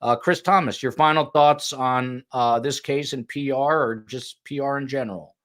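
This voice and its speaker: Speaking at a normal speed in a medium-pitched, fairly bright voice, a podcast host keeps his true crime show casual and chatty. He jokes about himself and reads comments from viewers.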